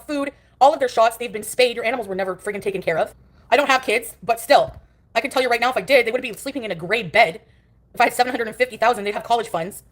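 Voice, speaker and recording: A woman streamer talks at a rapid clip in a fairly high voice as she rants. She sounds angry, profane and cutting, speaking from her couch at home. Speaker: livestreamer. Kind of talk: ranting livestream commentary.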